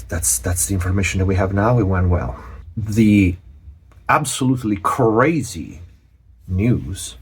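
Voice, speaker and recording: A man from Europe, a channel host giving a personal update, speaking earnestly with many pauses and restarts. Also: deep voice, breathy edge.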